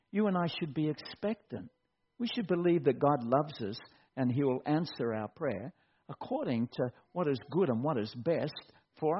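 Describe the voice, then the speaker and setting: Middle-aged preacher guy, husky voice, animated, dull lo-fi sound. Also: fairly high pitch. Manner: animated, acts out quotes in mock voices. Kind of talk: sermon. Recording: dull lo-fi recording.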